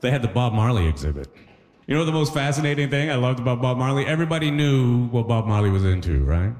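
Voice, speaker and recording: A man performing a chatty, animated stand-up comedy set in front of a live audience. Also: medium pitch, fast. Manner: animated, chatty, frequent "you know what I mean". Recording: live hall with long reverb.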